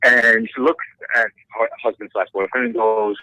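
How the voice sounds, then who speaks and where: A middle-aged man tells a story in a lively, swooping voice with a bright, forceful edge. He talks casually and swears freely, slipping into the voices of the people he describes. The sound is close and dry, with no room around it. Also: fairly low pitch, normal speed, no echo, poor audio. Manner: animated, profane, acts out voices in stories. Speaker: tattoo artist.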